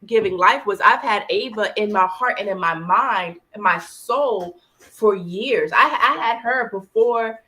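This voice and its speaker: A woman's voice: medium pitch, a little slow, sharp tone, rough recording. Earnest woman sharing something painful, close to tears. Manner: earnest, tearful at times, restarts and fillers. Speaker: podcast co-host. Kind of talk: emotional personal talk.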